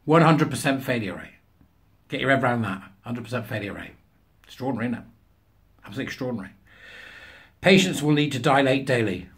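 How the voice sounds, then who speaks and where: A man reads out news articles and pokes fun at them, his asides sarcastic and scornful. His voice sits at an ordinary middle pitch for a man, and he laughs at his own jokes. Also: animated, fast, pauses often. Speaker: commentator. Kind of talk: reading and mocking news articles.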